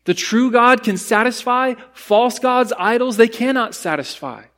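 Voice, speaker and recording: A pastor delivers a sermon earnestly and emphatically, slowing on key phrases and explaining Bible words like a teacher. His voice is extremely high, expressive, and fairly bright.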